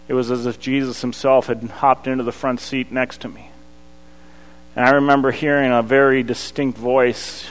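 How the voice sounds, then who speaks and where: A pastor, preaching a sermon that swings from loud to hushed. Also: male voice, medium pitch. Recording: long hall reverb.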